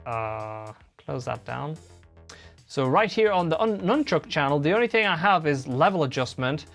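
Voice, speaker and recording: A man's voice: a little high, very animated, moderate pace, gravelly, a bit bright. A man hosting a casual livestream, rambling chattily and answering chat messages while he plays guitar. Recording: guitar playing behind the voice.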